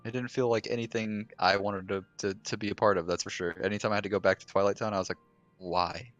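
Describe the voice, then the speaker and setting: A man, a guest on a casual podcast chat, talking in a relaxed, hesitant way full of fillers and repeats. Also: on the low side, fast, muffled recording, soft background music.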